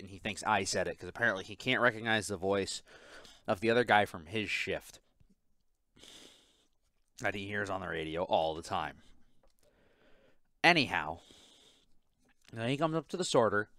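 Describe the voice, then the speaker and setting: A man's voice: fairly low pitch, expressive, normal speed, pauses often, fairly bright tone, no room sound, studio quality. A man hosting a casual podcast, telling a work story in a profane, exasperated way. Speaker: podcast host. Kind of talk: casual chat.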